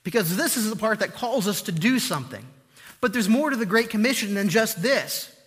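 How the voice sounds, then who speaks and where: Male preacher, high bright voice, earnest emphatic delivery, hall reverb. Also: animated. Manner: earnest, emphatic repetition with slow pauses. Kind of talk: sermon.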